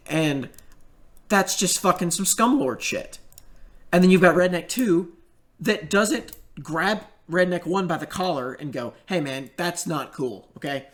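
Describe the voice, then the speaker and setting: A young man telling a story in casual commentary, rambling and swearing, with many fillers and restarts. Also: fairly high pitch.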